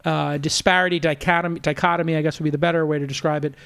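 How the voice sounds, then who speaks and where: A man hosting a tech roundtable podcast, chatting casually with quick jokes and playful asides. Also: fairly high pitch, fairly even intonation, a bit bright, clear, resonant tone. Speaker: podcast host.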